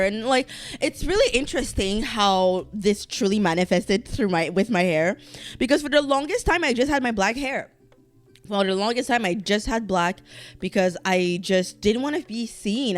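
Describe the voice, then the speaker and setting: A woman hosting her own podcast in a casual, rambling solo chat. She swears freely, trails off, restarts her sentences and speaks candidly. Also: mid-range voice. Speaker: podcast host.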